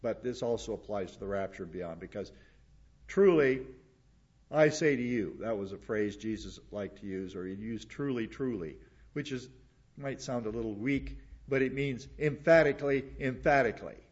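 A male pastor delivering a sermon, repeating words for emphasis and dropping into quiet asides. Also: fairly low pitch, a little fast, muffled recording.

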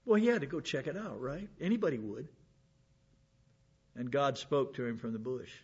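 A man's voice: mid-range voice, normal speed, a little mellow, breathy edge, lo-fi sound. A man giving an informal Bible lesson, chatting along, repeating words and asking rhetorical questions. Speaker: Bible teacher.

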